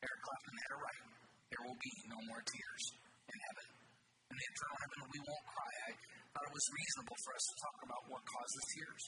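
A man preaching a sermon with earnest, animated delivery that swoops suddenly high on key words. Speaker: pastor. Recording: distant mic with loud background noise.

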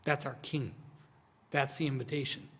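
Man, pastor, sermon, conversational preaching, hushed to emphatic, long hall reverb, church sanctuary. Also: medium pitch, steady tone, moderate pace, breathy edge.

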